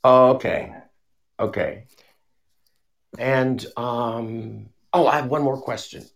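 A man in casual chat, curious and quick to laugh as he asks questions. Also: mid-range voice, vocal fry.

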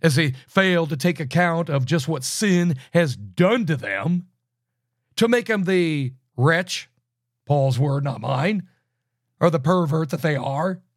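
A man teaching through a Bible book verse by verse, emphatic, with loud bursts and low asides. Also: expressive, slow, dry recording, studio quality.

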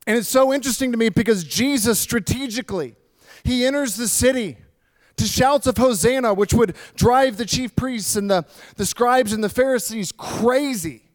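Man, pastor, high voice, animated dramatic sermon, church stage. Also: normal speed.

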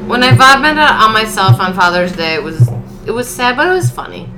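A woman's voice: on the high side, sing-song, brisk, over music. A woman guest in casual chat, telling a story animatedly and laughing often. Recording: echoey room with background noise.

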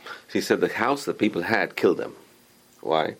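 Man telling a moral tale, very lively pitch, acts out every part. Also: normal speed, husky. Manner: animated, acts out characters' lines. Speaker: religious storyteller. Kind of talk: storytelling with a moral lesson.

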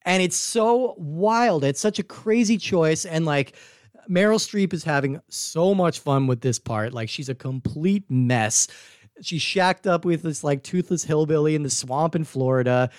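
A podcast co-host talks casually about a movie, animated and rambling, saying "like" a lot and restarting his sentences. His voice is on the high side and unhurried, in studio quality with no echo.

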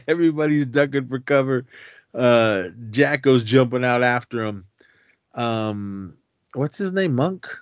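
On a dull, dry lo-fi podcast with no echo, a male co-host casually retells a film's plot. His medium-pitched voice is expressive and slow, and he rambles with plenty of fillers and self-corrections.

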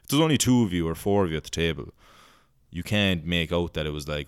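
A man's voice: sits low, expressive, fast, clean tone, no room sound, clean studio sound. An Irish man hosting a podcast, rambling comically, swearing a lot and slipping into silly voices. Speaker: podcast host. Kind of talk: casual comedic monologue.

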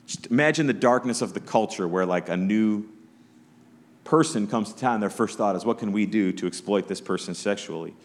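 A man's voice: fairly low pitch, moderate pace. Casual man preaching a sermon. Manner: conversational preaching, acts out voices of Bible characters. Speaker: pastor. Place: church.

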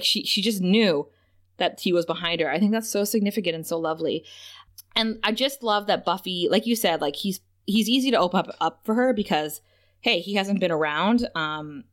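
A woman co-hosting a podcast, retelling TV scenes in casual chat with gushing enthusiasm. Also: lowish voice. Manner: gushing, retells scenes with lots of laughs and "right?". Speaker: podcast co-host. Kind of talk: casual chat recapping a TV episode.

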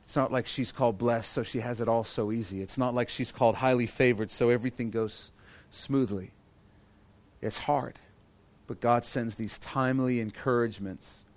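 A man's voice: mid-range voice, steady tone, normal speed. A man preaching a sermon as pastor, earnest and repeating key phrases for emphasis.

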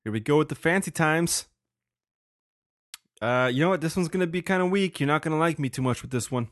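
On his casual solo podcast, a young man talks briskly in a high-leaning, expressive, fairly bright voice. He rambles, laughs frequently, and swears plenty, captured in a dry, studio-quality recording.

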